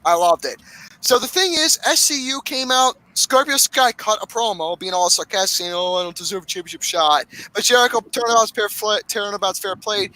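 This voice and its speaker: A man hosting a casual podcast, recapping wrestling matches with lots of swearing and excitement. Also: very high voice, no echo, poor audio. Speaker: podcast host.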